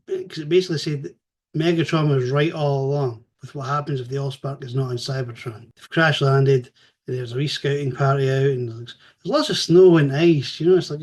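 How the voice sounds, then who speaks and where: Man, casual review, animated, swears, higher-pitched voice. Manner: animated, chatty, swears freely.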